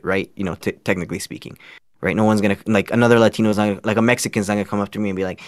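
Deep-voiced earnest man, dry sound. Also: steady tone, rapid-fire, no room sound. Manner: earnest, rambling, self-conscious. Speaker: guest. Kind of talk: casual podcast interview.

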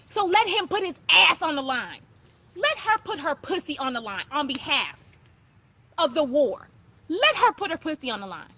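A woman's voice: very high-pitched, big pitch swings, normal speed, sharp tone, a little hiss or hum. A woman hosting a show, talking to her listeners in a passionate, emphatic monologue and repeating phrases to drive her points home. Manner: conversational, thanks commenters mid-talk. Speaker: podcast host.

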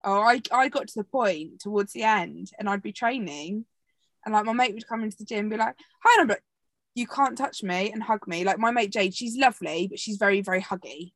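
A woman's voice: mid-range voice, brisk, no echo. A woman in her twenties hosting a podcast, chatting in a reflective, sweary way. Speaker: podcast host. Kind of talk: casual chat.

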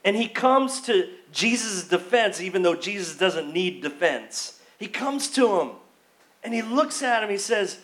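A man's voice: high voice, expressive, measured pace, fairly bright tone. A man preaching a sermon as pastor, in a conversational storytelling way that slips into acted-out pleas and quotes. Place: church.

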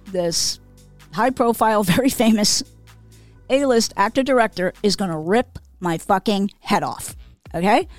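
A woman's voice: medium pitch, a little mellow. A woman co-hosting a podcast, telling casual stories, swearing freely and laughing between lines. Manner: swears freely, laughs, lots of "okay?" and "you know". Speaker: podcast co-host. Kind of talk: casual storytelling.

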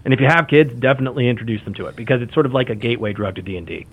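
A man's voice: mid-range voice, racing, husky. A man in casual chat, talking enthusiastically and rambling with frequent restarts. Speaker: podcast guest. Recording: phone-like lo-fi audio.

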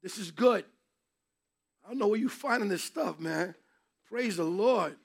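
Gravelly high-voiced male Bible teacher. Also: animated, a little slow. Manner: emphatic, preacherly, takes questions from class. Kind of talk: interactive Bible class teaching.

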